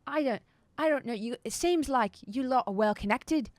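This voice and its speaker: A woman's voice: high voice, normal speed, dry recording, voice pushed up, close to an everyday voice. A woman voicing a nervous, shifty male satyr hired hand in a tabletop game, talking in slangy, pleading rambles. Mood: rambling. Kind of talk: tabletop role-play.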